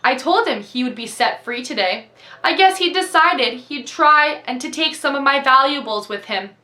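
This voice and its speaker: A woman's voice: high voice, lively intonation, normal speed, bright, forceful tone, reverberant, voice pushed up. A woman reading aloud and voicing a cold, defensive female warden. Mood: dismissive. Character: cold, lying female prison-camp warden.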